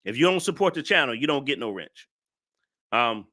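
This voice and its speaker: Animated, bright-voiced man hosting a live stream. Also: a little high, moderate pace. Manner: mocking, laughs often, talks to chat. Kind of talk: casual live-stream reaction chat.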